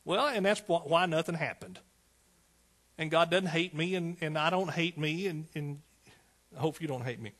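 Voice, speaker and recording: A man's voice: on the high side, moderate pace, a bit bright. A man preaching a fervent sermon, calling out to his congregation.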